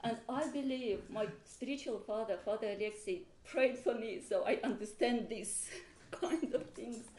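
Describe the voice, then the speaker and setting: At a seminar in a monastery hall, a woman animatedly shares a story with the group present, laughing and acting out quoted voices. Her voice is a little high, at normal speed with hardly any pauses, and the room is echoey with faint background noise.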